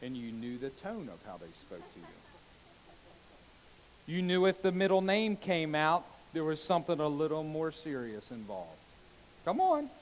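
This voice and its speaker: A man preaching a sermon as a pastor, swinging between loud exclamations and hushed soft passages, with calls of amen and hallelujah. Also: fairly high pitch, wildly swooping pitch, normal speed, a little hiss or hum, rough recording. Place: church sanctuary.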